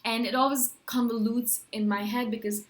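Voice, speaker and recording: Animated rambling woman vlogger. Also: a little high, moderate pace. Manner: animated, rambling, lots of "like" and "right?". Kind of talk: casual talking-to-camera monologue.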